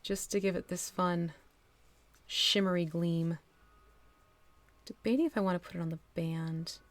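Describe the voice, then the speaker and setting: A fairly low, unhurried female voice with fairly even intonation comes from a northwestern New Jersey woman with a local accent. She's showing miniature painting on a live stream, chatting casually, laughing easily, and talking through her thoughts as she works.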